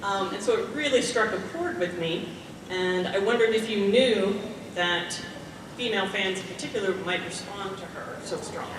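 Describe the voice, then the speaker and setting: Woman fan, asking a question, nervous and earnest, booming hall echo, distant, audible crowd noise. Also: normal speed. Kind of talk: audience question at a panel. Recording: echoey hall recording from far off.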